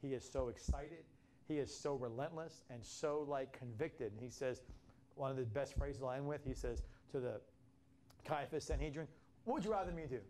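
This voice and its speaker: A man's voice: medium pitch, moderate pace, mellow, slight background noise. A man preaching a sermon in an impassioned way, often restarting his phrases and acting out quotes. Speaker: pastor.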